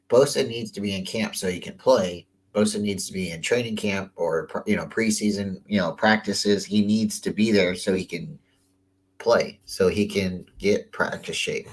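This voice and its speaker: Man, lowish voice, casual football picks host, rambling and chatty. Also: slightly rough, rough recording. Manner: loose and chatty, repeats words, trails off. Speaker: sports talk host. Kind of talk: casual sports commentary.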